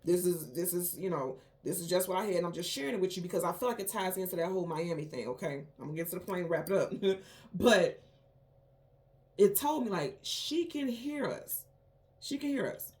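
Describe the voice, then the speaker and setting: A woman hosting her own tarot channel, recounting a dream and airing suspicions in an animated, emphatic and indignant casual monologue. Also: on the low side, quick pace. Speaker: tarot reader, channel host.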